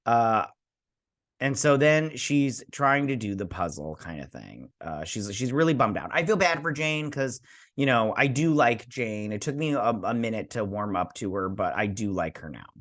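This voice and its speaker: Male review host, lively pitch, loose chatty recap with jokey asides. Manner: chatty, rambling, self-deprecating asides; quickly acts out characters' lines. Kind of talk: casual episode recap and review.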